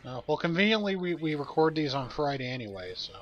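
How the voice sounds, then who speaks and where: A man's voice: fairly high pitch, very animated, quick pace. A man joining a let's play as co-commentator, chatting casually with dry, sarcastic quips. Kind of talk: casual gameplay banter. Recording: dull lo-fi recording.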